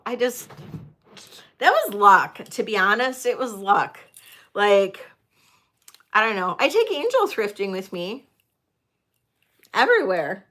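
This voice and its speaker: A woman hosting a livestreamed vintage jewelry auction, chatting to viewers and gushing excitedly over the pieces. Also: a little high. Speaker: host of a live jewelry sale. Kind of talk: live auction chat.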